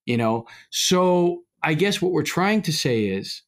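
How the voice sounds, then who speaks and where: A man's voice: a little high, animated, takes it slowly. A middle-aged man, a priest co-hosting a podcast, talking in a casual, rambling way with many fillers and restarts. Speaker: podcast co-host, Orthodox priest. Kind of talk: casual conversational podcast talk.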